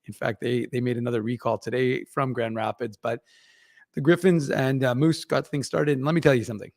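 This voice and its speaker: Gravelly-voiced chatty man. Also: medium pitch, fairly even intonation, a little fast, a little mellow, no echo, clean studio sound. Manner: rambling, chatty, many fillers and restarts. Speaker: regular podcast contributor reporting on the Moose. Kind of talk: casual hockey podcast chat.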